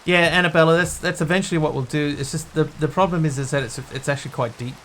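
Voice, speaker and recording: A man streaming a building game, talking through what he does and answering questions from viewers in a relaxed, casual way. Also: a little high, fast talker, slight background noise. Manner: thinks aloud while building, answering viewers' chat.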